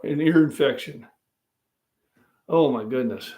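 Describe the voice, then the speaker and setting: A man's voice: mid-range voice, unhurried, a little mellow. An older man hosting a casual live stream from his home kitchen, rambling in a folksy way and speaking directly to his viewers. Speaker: fitness channel host. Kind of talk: casual live-stream chat while cooking. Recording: roomy sound, voice off-mic.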